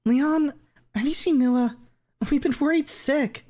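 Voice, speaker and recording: A man's voice: extremely high pitch, takes it slowly, a little mellow, voice pushed up. A man voicing a fretful teenage girl who is student council president. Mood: worried.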